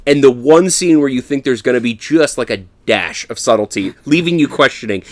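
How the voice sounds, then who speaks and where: A man's voice: mid-range voice, animated, fairly quick. A man co-hosting a casual film review podcast, swearing freely and laughing as he recaps scenes. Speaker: podcast co-host.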